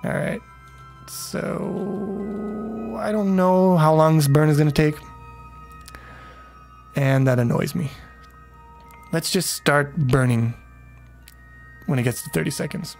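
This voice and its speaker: A man's voice: fairly high pitch, slow, gravelly, long pauses, darkish tone, faint music behind. A man casually commenting on his game during a livestream, rambling, swearing freely and chatting with viewers. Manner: rambling, profane, talks to chat.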